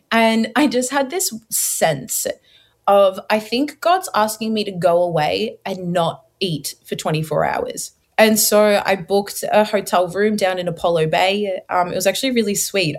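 A young woman as an interview guest, telling her faith testimony with animated storytelling and acting out her own past words. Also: mid-range voice.

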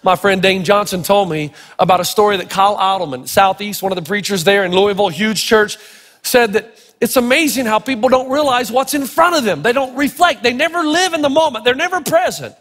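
A middle-aged man preaching a sermon, telling stories in an animated, playful way. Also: high-pitched, brisk, in a large hall. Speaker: pastor.

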